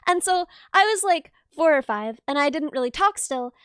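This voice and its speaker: Giggly high-voiced woman streamer. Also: normal speed, no echo, studio quality. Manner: giggly, animated storytelling. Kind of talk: casual chat.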